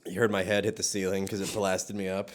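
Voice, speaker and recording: Deadpan young man with absurd jokes. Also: deep voice, quick pace. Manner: deadpan absurd jokes, bursts louder when excited. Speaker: podcast co-host. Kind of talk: casual comedic chat.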